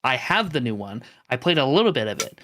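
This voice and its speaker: A man's voice: medium pitch, sing-song, quick pace, fairly bright tone, slight background noise. A man co-hosting a gaming podcast, chatting casually and enthusiastically with lots of fillers. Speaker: podcast co-host. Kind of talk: casual chat.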